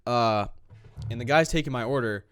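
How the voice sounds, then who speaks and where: A man's voice: medium pitch, moderate pace, a bit bright, smooth. A young man co-hosting a podcast, telling stories in a casual, playful way. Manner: storytelling, playful, repeats phrases for laughs. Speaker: podcast co-host. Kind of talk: casual chat.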